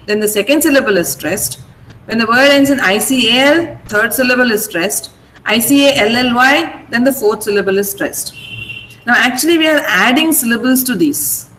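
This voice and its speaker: A woman's voice: on the high side, a bit bright, a little hiss or hum, poor audio. A woman teacher running an online class, patiently spelling out word endings and explaining which syllable is stressed. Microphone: video call.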